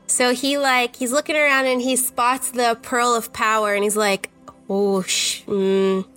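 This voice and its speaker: A woman playing in a tabletop game, excitable and giggly, rambling as she narrates her character. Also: a little high, normal speed, soft background music. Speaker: player. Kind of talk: tabletop role-play chat.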